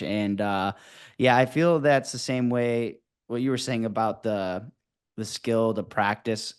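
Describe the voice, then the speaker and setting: A man's voice: lowish voice, measured pace, clear, resonant tone. A man hosting a podcast, chatting casually and telling anecdotes in an easygoing way before asking questions. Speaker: podcast host. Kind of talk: casual conversational interview.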